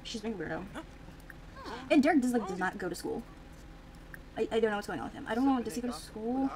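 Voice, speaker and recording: Crowd noise sits behind this rough recording of a young woman streaming The Sims. She talks fast in a somewhat high voice, reacting aloud and filling her casual commentary with fillers.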